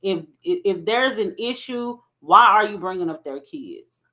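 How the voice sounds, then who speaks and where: A woman's voice: medium pitch, expressive, unhurried, pushed and bright. A woman hosting a casual commentary vlog, talking conversationally and often checking in with "right?". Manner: conversational, keeps asking "right?". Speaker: commentary host.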